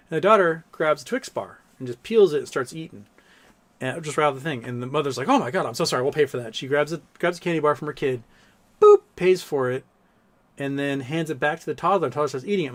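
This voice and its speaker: A man hosting a casual livestream, reading chat messages aloud and telling long, rambling stories with plenty of swearing. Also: mid-range voice. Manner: rambling, profane, storytelling, reads chat aloud. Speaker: livestream host.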